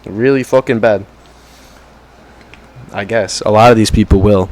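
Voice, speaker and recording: A man's voice: measured pace, a little mellow. A young man talking to camera in a rambling, profane rant, often saying "bro" and mocking others in put-on voices. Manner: mocking put-on quotes in higher voice. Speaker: vlogger.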